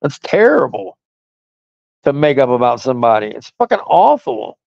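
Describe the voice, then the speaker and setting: A man's voice: on the high side, big pitch swings, normal speed, gravelly, darkish tone, no room sound, highs cut off. A man hosting a stream, delivering a profane, mocking and combative ranting monologue. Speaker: stream host.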